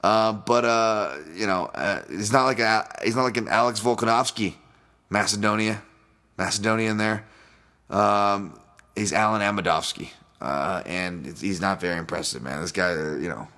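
A man's voice: on the low side, normal speed, pushed and bright. A man hosting a solo podcast, talking through upcoming fights in a loose, rambling way, swearing often and laughing at his own asides. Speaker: podcast host and fight analyst. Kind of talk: casual solo podcast breakdown.

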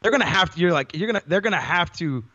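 A man's voice: high voice, expressive, fast talker, pushed and bright, lo-fi sound. A man co-hosting a podcast, talking in slangy casual banter, swearing and calling his partner bro. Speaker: guest co-host. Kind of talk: casual chat.

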